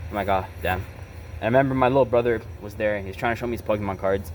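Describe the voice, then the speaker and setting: A man's voice: on the low side, rapid-fire, darkish tone, slight background noise. Blunt young man, casual and profane. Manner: casual, profane, peppered with "bro" and "right?"; blunt and emotionally charged. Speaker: vlogger. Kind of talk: confessional storytelling.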